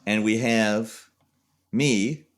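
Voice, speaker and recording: A man's voice: fairly low pitch, drawn-out words. A young man giving a casual tutorial walkthrough, chatty and jokey. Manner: animated, jokey, chatty explaining. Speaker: video creator.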